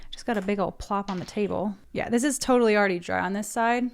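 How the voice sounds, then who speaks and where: A beauty vlogger in her thirties paints her nails at home, chatting into a desk mic and narrating every step in a casual tutorial. She talks at a quick pace with hardly any pauses, and her medium-pitched voice is gravelly.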